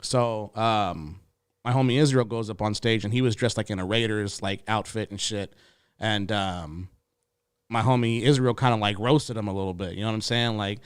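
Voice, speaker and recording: A young adult man, a comedian guest on a podcast, telling stories in a laid-back, profane way with lots of fillers, jumping up in pitch to act out quotes. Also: steady tone, moderate pace, clean tone, no room sound, studio quality. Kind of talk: casual podcast storytelling.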